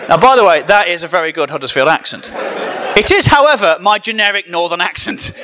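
A high-voiced man preaching with a comedian's timing, his pitch swinging widely as he jokes and banters with the crowd. His tone is bright and forceful, full of animated energy. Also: a little fast, a little hiss or hum. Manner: animated, joking, banters with the audience. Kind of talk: comedic sermon to a live audience.

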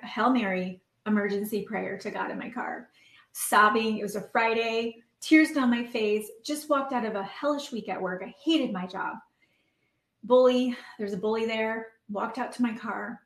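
A woman in her thirties giving a heartfelt motivational talk as a podcast host and coach, earnest and emotional, with many fillers. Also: on the high side. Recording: roomy echo.

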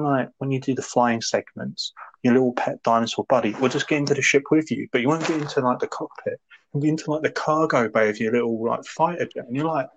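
Brief: man, podcast co-host, animated rambling rant, mid-pitched voice. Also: a little hiss or hum, rough recording. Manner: ranting, animated, laughs a lot, mock voices. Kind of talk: casual podcast chat.

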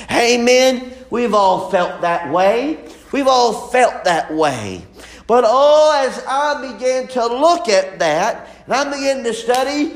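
A man preaching a sermon, lively and full of laughter, with sudden exclamations. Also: sits high, echoey room. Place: church.

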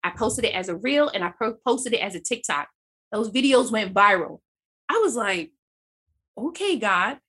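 A woman guest telling a personal faith testimony in conversation, animated and acting out her own dialogue. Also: mid-range voice, moderate pace, husky.

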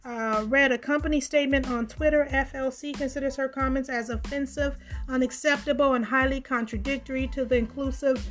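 A woman's voice: sits high, steady tone, brisk, few pauses, soft background music. A woman hosting a podcast, reading out news and reacting bluntly and indignantly, swearing freely. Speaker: podcast host. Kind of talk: casual news commentary.

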